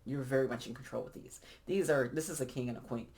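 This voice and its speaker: A tarot reader speaks directly to the viewers in a relaxed, chatty way, encouraging and warm in tone. The delivery is unscripted, full of little restarts and filler sounds, and stays at an ordinary, middle pitch throughout. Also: fast talker, creaky. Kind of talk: casual tarot reading addressed to viewers.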